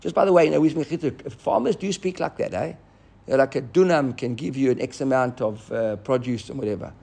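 A man teaching a Talmud class, animated and often restarting as he explains. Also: medium pitch, a little fast, gravelly, slightly rough. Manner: animated, restarts often, mixes Hebrew and Aramaic terms.

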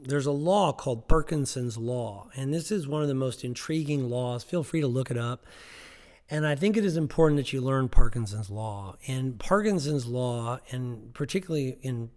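A man's voice: mid-range voice, animated, normal speed, darkish tone, in a large hall. A man giving financial advice on a podcast, emphatic and repetitive, often checking in with "okay?".

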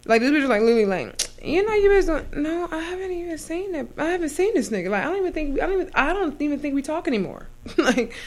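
A woman's voice: sits high, sing-song, fast. A young woman co-hosting a podcast, ranting casually and profanely, acting out quotes from friends as she tells a story. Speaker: podcast co-host. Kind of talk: casual chat.

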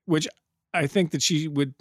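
A man's voice: fairly high pitch, steady tone, normal speed, no room sound, studio quality. A man co-hosting a podcast in casual chat, joking and rambling, laughing often. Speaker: podcast co-host.

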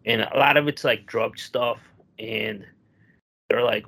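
A man's voice: medium pitch, steady tone, slow, fairly bright tone, slightly rough. Casual male talker, loose and profane, lots of "like", acts out quotes. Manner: rambling, profane, filler-heavy, acts out quotes. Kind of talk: casual chat, storytelling.

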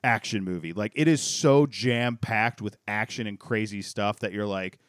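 A man co-hosting a podcast, chatting casually and retelling things in a rambling, animated way with many restarts. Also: lowish voice, normal speed, clean tone, no room sound, studio quality. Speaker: podcast co-host. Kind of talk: casual chat.

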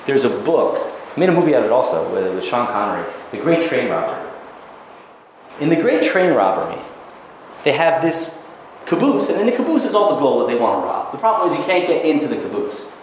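A man teaching a religious text through dramatic, animated storytelling. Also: mid-range voice, brisk, slight background noise. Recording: very echoey room, faint ambience.

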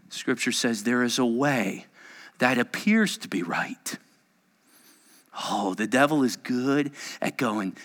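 A male pastor preaching a sermon dramatically, moving between loud urgency and hushed near-whispers. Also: mid-range voice, slow pace, big-room sound.

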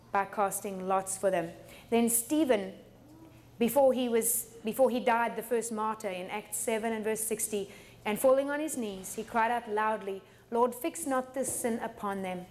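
A woman's voice: fairly high pitch, darkish tone. A middle-aged woman pastor preaching a sermon in a chatty way, often laughing and repeating words. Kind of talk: sermon teaching.

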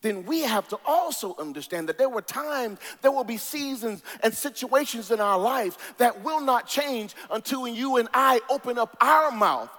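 A male preacher delivering a sermon in a sing-song cadence, swinging from hushed words to shouts and stretching key words with long pauses. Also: extremely high pitch, expressive, big-room sound.

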